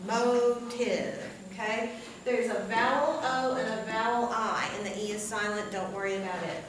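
A woman's voice: medium pitch, steady tone, moderate pace, recorded from a distance, background noise. Patient woman teacher in an echoey classroom. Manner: patient, repeats words and checks in with "okay?". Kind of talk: classroom lecture.

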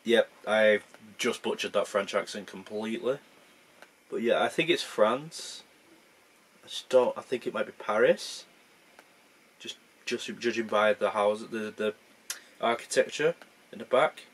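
A man's voice: on the low side, measured pace, long pauses, a bit bright, breathy edge. A young man thinking aloud in casual gameplay commentary, rambling and poking fun at himself. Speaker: gaming channel host.

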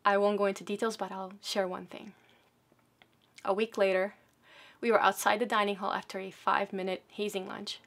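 Sex: woman. Pitch: mid-range. Style: dramatic storytelling speech. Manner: swings between loud bursts and hushed near-whispers. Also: little pitch movement, normal speed, creaky. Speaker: storyteller sharing a personal story.

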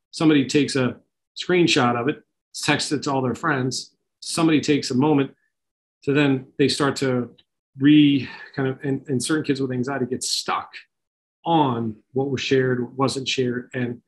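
A man's voice: medium pitch, fairly even intonation, moderate pace, low-quality recording. A middle-aged man giving an informal talk to parents, conversational, with many fillers and restarts. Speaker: speaker at a parent talk on kids and technology.

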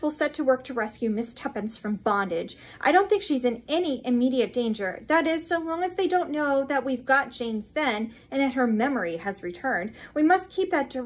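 Female reader doing a dry, grave male lawyer, crisp and measured, a touch husky. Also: high-pitched, voice pushed up.

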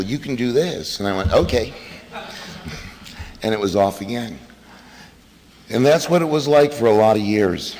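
A middle-aged man speaks at a recovery meeting in a low voice that swings lively up and down. He tells his story animatedly, acting out what others said. The recording rings with a long hall reverb over a faint hiss. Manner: animated storytelling with acted-out quotes and laughs. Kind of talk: personal recovery talk at a meeting.

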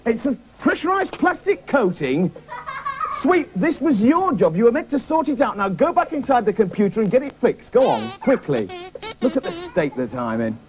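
Excitable guy hosting a kids puppet show, voice jumps all over the place. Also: very high-pitched, moderate pace, crowd noise. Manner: excitable, chatty, talks to puppets. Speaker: host of a children's puppet show. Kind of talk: children's TV presenting.

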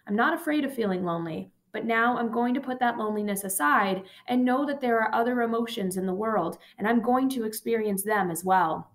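A woman voicing a gentle, frail old man near death, speaking softly, slowly and calmly. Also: on the high side, natural voice. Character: frail dying old male professor, gentle.

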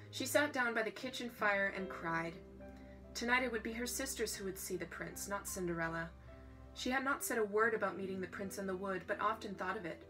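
A woman with a medium-pitched voice reads a storybook aloud in a relaxed, casual way, slipping quick joking asides between passages. Faint music plays behind her, and the recording quality is low.

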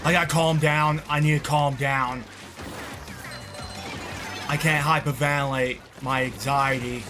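Brief: high-voiced male gamer, slow rambling, swears when raging. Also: fairly even intonation, over music. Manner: raging, cursing, rambling with many fillers. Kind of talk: live gameplay commentary.

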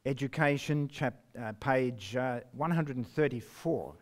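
A man preaching a sermon, reading scripture slowly and emphatically, with sudden rises and drops in his voice. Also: mid-range voice. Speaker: pastor.

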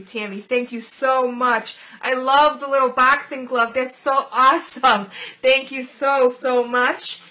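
A woman's voice: high-pitched, fairly even intonation, takes it slowly, poor audio. A middle-aged woman hosting a casual vlog, opening gifts and thanking viewers with gushing delight. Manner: gushing, warm thanks over small gifts. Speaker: channel host. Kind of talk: casual gift-unboxing vlog.

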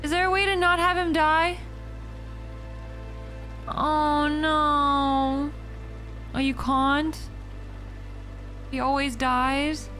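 A woman's voice: high voice, level tone, extremely slow, pauses often, pushed and bright, faint music behind. A young woman streaming a video game, reacting emotionally and thinking aloud as she plays. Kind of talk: live gameplay commentary.

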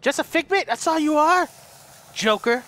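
High-pitched excitable male gamer. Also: moderate pace. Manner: loud, excitable, swearing, shouting at the game. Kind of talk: let's play commentary. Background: game music.

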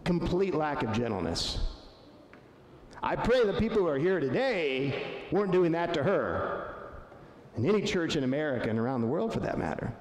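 A man preaching a sermon as pastor, conversational and earnest, slowing down to stress quoted words. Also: a little high, sing-song, a little mellow. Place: church sanctuary. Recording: echoey hall, faint room ambience.

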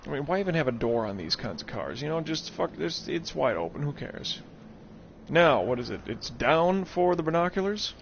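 Profane joking gamer, muffled stream. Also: male voice, fairly high pitch, very animated, normal speed, creaky. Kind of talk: casual gameplay commentary. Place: warm room at home. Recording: muffled stream audio over game noise.

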